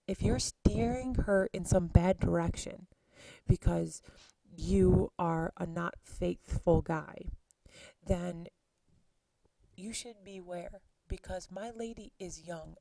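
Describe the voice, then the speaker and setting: A woman voicing a protective older nurse who scolds and warns in a dry, mellow voice. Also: fairly low pitch, creaky, dry recording, full character voice, poor audio. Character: flustered protective old female nurse.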